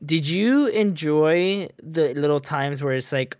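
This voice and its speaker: Male podcast co-host, slightly high voice, dry close-mic sound, relaxed and easygoing, casual swearing. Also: slow, no room sound. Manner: laid-back, agreeing, swears casually, chuckles. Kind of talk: casual gaming podcast chat.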